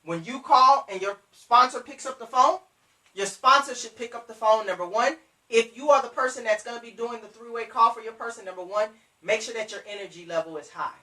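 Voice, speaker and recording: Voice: mid-range voice, fairly quick, sharp tone, roomy sound, recorded from a distance, rough recording. A business trainer giving motivational sales coaching. They talk emphatically, repeat their points, and speak straight to the listeners.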